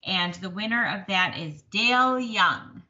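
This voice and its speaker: A woman's voice: mid-range voice, expressive, unhurried, bright, forceful tone. A woman co-hosting a casual stitching chat, talkative and self-deprecating. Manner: chatty, self-deprecating, laughs often. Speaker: podcast co-host. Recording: slightly dull lo-fi sound.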